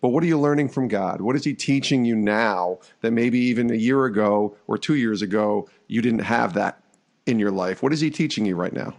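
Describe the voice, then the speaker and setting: A man's voice: on the low side, brisk, a little mellow. A man hosting a podcast, asking a guest questions in a casual interview. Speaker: podcast host.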